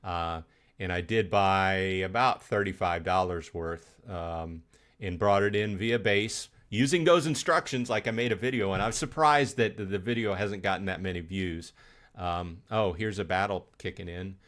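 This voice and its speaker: Low-voiced man rambling on a game stream. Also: normal speed, a bit bright. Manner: rambling, many fillers and restarts. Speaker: live stream host. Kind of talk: casual gaming live stream chat.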